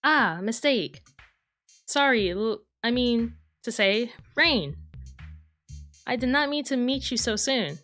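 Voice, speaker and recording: A woman voicing a strange alien crewmate in a horror game, speaking in slow, halting, broken phrases. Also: on the high side, animated, fairly bright tone, soft background music. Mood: flustered. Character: strange unnerving alien crewmate posing as human. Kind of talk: voice acting a horror visual novel.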